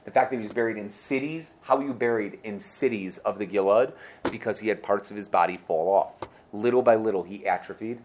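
A man teaching a Bible class, translating verse by verse and acting out the characters' lines with lively, self-correcting asides. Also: lowish voice, a little fast, slight background noise. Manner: translates verse by verse, acts out quotes animatedly. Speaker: Torah teacher.

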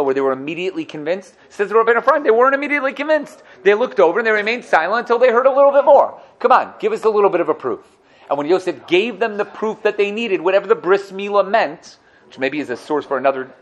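A man teaching a Torah lesson, animated, acting out the quotes he cites and asking his listeners questions. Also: sits high.

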